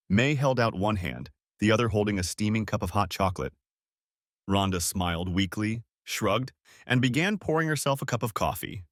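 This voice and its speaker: A man reading a story aloud as an audiobook narrator, measured and expressive. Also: lowish voice, no room sound, studio quality. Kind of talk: scripted narration.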